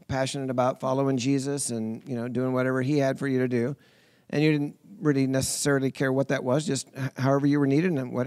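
A man co-hosting a podcast, building a reflective point in a conversational way with quick restarts. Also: medium pitch, a little mellow, no room sound, studio quality. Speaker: podcast co-host. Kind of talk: conversational interview.

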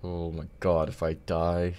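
Over a noisy background and the clicking of a keyboard and mouse, a low-voiced male gaming host grumbles through his play. His commentary is offhand and muttered, with frequent frustrated swearing.

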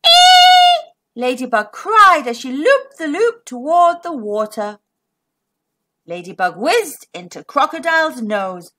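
Animated high-voiced woman storyteller. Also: a little slow, a little hiss or hum. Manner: animated, exaggerated sing-song storytelling to kids. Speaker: children's storyteller host. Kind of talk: read-aloud picture book narration.

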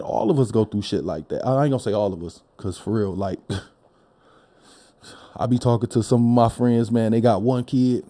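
Detroit man hosting a casual podcast, blunt and cussing, mellow voice. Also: mid-range voice. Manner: blunt, profane, emphatic. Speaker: podcast host. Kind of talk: casual opinion monologue.

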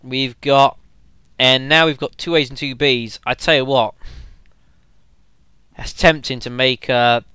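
A man giving casual, chatty let's play commentary, speaking to viewers as folks with lots of halting fillers. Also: medium pitch, steady tone, pushed and bright, clean tone, dry recording.

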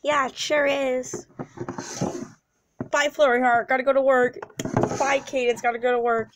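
Giggly young dad and husband, voiced by a woman: eager, high, unhurried. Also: level tone, very noisy. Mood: cheerful.

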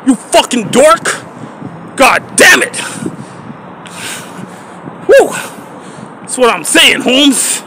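High-pitched, gravelly man ranting. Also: sing-song, drawn-out words, pauses often, background noise. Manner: profane, agitated ranting, often shouting. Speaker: livestreamer. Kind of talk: livestream rant.

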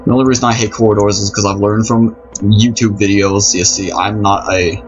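A man's voice: lowish voice, little pitch movement, brisk. A man giving nervous let's-play commentary on a horror game at home at night, rambling, apologizing and repeating himself. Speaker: gamer playing a horror game. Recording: dull lo-fi recording over game music. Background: game music.

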